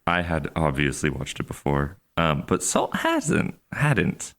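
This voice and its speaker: A man with a very deep, low voice hosts a podcast with a loose, joking manner. He hesitates and restarts often, thinking aloud as he goes. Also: sing-song, takes it slowly, a bit bright. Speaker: podcast host. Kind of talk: casual chat.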